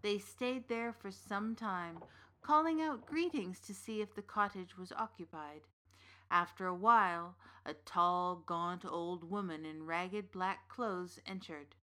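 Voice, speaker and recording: A woman playing an old witch who narrates a folktale in a measured, deliberate way. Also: fairly low pitch, bright, forceful tone. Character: old witch storyteller, knowing and dry. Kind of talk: scripted storytelling narration.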